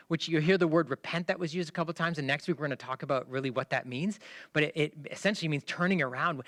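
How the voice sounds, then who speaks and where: Animated bright-voiced male pastor. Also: fairly high pitch, no room sound, clean studio sound. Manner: conversational storytelling, acting out quoted voices, bursts of shouting. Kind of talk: livestreamed sermon.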